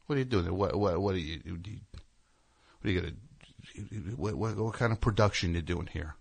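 A man's voice: sits low, a little fast, vocal fry, slightly rough. A man hosting a show, telling a rambling, sarcastic, indignant story as a comedic rant. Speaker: host.

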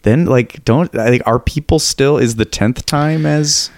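A man co-hosting a podcast, chatting casually and teasing the others. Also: medium pitch. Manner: teasing, quick to laugh. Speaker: podcast co-host. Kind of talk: casual chat.

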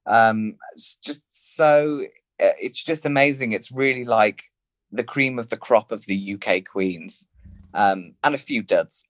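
A man's voice: lowish voice, a little slow, no echo. A man in his thirties with an English Midlands accent, a podcast guest chatting in a camp, theatrical way. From England. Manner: camp and theatrical, calls people darling. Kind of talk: casual chat.

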